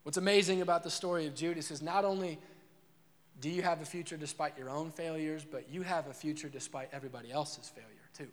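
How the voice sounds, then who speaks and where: A man's voice: on the high side, steady tone, quick pace, big-room sound. A man preaching a sermon as pastor, earnest and repetitive, asking the crowd questions.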